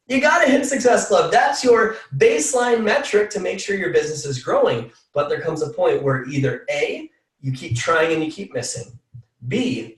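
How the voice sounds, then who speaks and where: Energetic man coaching in an echoey room. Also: fairly high pitch, distant mic. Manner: energetic, repeats phrases for emphasis. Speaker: team call speaker. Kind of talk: motivational coaching talk.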